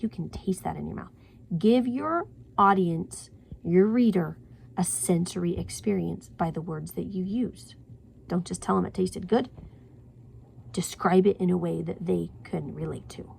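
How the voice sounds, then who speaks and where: Slow, gravelly-voiced woman teaching writing. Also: mid-range voice. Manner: chatty, self-correcting, drops to a whisper for examples. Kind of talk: classroom writing lesson.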